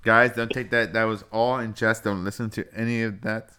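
A man's voice: lowish voice, little pitch movement, fairly quick, sharp tone, slight background noise. Jokey young man reading news. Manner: jokey, reads with asides. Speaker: podcast co-host. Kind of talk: casual chat, reading news aloud.

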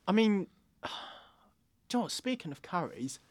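A man co-hosting a podcast in casual chat, animated and playful. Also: high-pitched, normal speed, no echo. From England.

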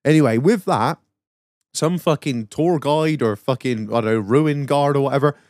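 A man's voice: mid-range voice, moderate pace, darkish tone, no echo, clean studio sound. A man hosting a podcast, telling sweary anecdotes and laughing through them. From Manchester, England. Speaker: podcast host. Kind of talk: casual podcast banter.

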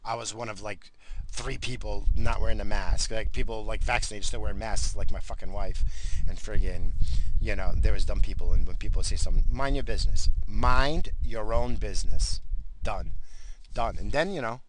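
A man ranting bluntly and profanely to his viewers, repeating himself and tossing in quick apologies between heated points. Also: on the low side, noisy background. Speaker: vlogger. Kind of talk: casual rant to camera.

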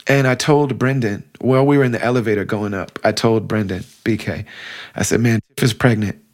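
A man's voice: on the low side, fairly even intonation, brisk. A middle-aged man telling a personal story in casual, heartfelt conversation, with many fillers. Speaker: podcast guest telling a story.

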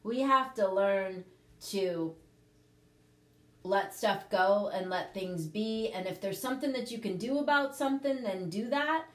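Unhurried and mid-range in pitch, this prosperity teacher's voice echoes as she hosts a casual livestream teaching chat. She coaches her audience earnestly, checking in with "okay?" throughout.

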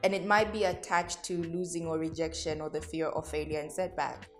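A woman's voice: low voice, flat delivery, brisk, faint music behind. A woman hosting a solo podcast, speaking candidly and reflectively to her listeners, addressing them directly and laughing at herself. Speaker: podcast host.

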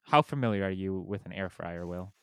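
Smooth-voiced young man hosting casually. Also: sits low, a little fast, no echo. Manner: rambling, lots of "like". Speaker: podcast host. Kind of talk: casual chat.

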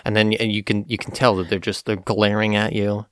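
A man's voice: fairly low pitch, level tone, a little fast, a bit bright, no room sound. Joking man in a dry, close recording. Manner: joking, chimes in with quips. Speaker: podcast co-host. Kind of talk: casual chat.

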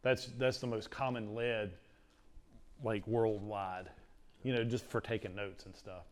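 A man's voice: fairly low pitch, steady tone, a little slow. A middle-aged man, teaching a class in a casual, rambling lecture full of stories. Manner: chatty, storytelling, uses "like" a lot.

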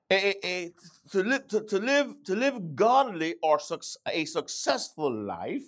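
Lively, emphatic male preacher. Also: a little high. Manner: emphatic, repeats key phrases, stammering restarts. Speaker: pastor. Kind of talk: sermon.

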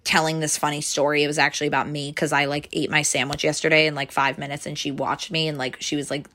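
A young woman in casual chat, retelling a workplace story and acting out what each person said, with a steady stream of "like". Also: sits low, quick pace. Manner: animated storyteller, fills with "like", acts out quotes. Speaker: bank teller telling a story.

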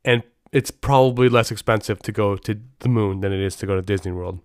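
A middle-aged man hosts a podcast, his lowish voice brisk and a little mellow. He tells stories casually and in a rambling way, restarting often. The recording is clean studio sound with no room echo.

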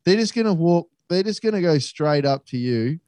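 A man's voice: fairly high pitch, expressive, normal speed, darkish tone, no echo. A young Australian man telling a travel story in casual, sweary chat. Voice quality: sweary, laid-back storytelling.

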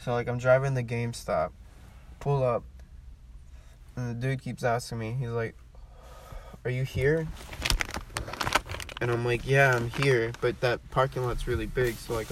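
A man's voice: mid-range voice, steady tone, brisk. A young man casually telling a story to friends in a car, rambling and swearing, with lots of fillers. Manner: rambling, profane, many fillers. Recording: distant mic, faint background noise.

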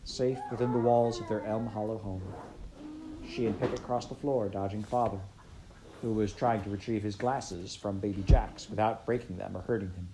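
A woman narrating a storybook in an expressive, measured way. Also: very deep voice, background noise. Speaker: audiobook reader.

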